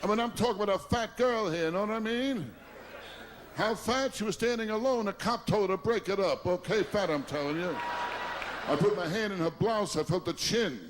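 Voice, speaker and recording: A man works through a stand-up comedy routine in a brash, wisecracking way. His voice sits a little high, and he chuckles at his own punchlines. The recording carries a steady background hiss. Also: a crowd in the background. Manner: brash rapid-fire one-liners, chuckles at own jokes.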